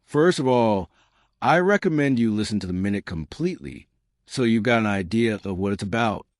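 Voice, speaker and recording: A man with a lowish voice that swings up and down in lively arcs, teaching learners at an easy, encouraging clip. He keeps checking in with his listeners as he talks. The sound is dry and close, with no room around it. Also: moderate pace, no room sound. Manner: encouraging, repeats "right?" to check in. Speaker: English teacher.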